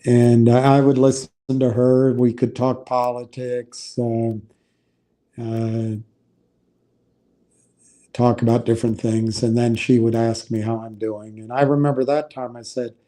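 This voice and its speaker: Slow, mellow-voiced man rambling. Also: mid-range voice, level tone. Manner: halting, meandering, frequent restarts. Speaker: livestream host. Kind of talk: rambling casual livestream talk.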